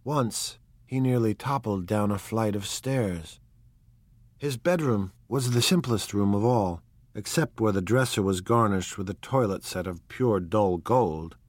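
A man narrating a classic novel aloud in a measured, lyrical storytelling manner. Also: fairly low pitch, dry recording. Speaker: audiobook narrator.

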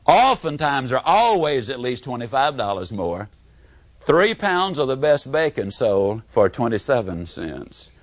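A man giving a motivational talk, telling homespun stories and swinging from booming emphasis to hushed tones. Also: sing-song, a little slow, dry recording. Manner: folksy storyteller, swooping from booming to hushed. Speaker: motivational speaker.

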